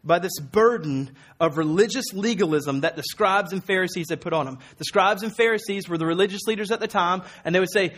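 A man's voice: sits high, lively intonation, a little fast, a bit bright, breathy edge. A man preaching a sermon as a pastor, earnest and emphatic, conversational with repeated words and fillers. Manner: earnest and emphatic, quoting Jesus with rising force.

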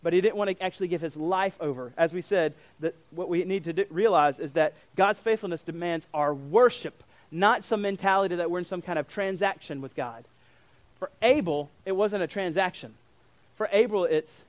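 A young adult man, a pastor, preaching a sermon in an animated way, acting out quoted voices with fillers and restarts. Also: fairly high pitch, a little fast, no room sound.

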